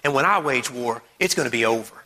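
A man voicing God as a relaxed, reassuring figure in a calm, unhurried manner. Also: mid-range voice, voice pushed down, exaggerated voice.

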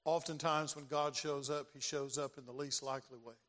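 A man's voice: a little high, level tone, brisk, a bit bright. An older man preaching a sermon as pastor, dramatic and given to repeating his phrases. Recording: long reverb of a large hall.

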